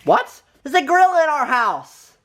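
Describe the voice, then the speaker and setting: A woman's voice: high voice, big pitch swings, moderate pace, a bit bright, pitched above the performer's own voice, heavily acted. A woman doing frantic, screaming Carl. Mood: panicked. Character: jumpy, panicky young man, Carl.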